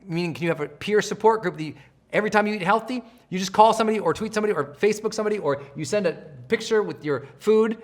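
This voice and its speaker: A middle-aged man giving a live coaching session, energetic and animated, often acting out the voices of people he quotes. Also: high voice, rapid-fire. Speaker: self-help trainer.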